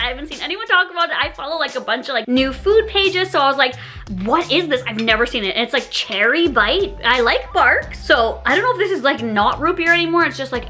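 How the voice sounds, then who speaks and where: A young woman doing a casual food taste-test vlog, gasping and rambling excitedly with lots of "like.". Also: high-pitched. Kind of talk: casual food review chat.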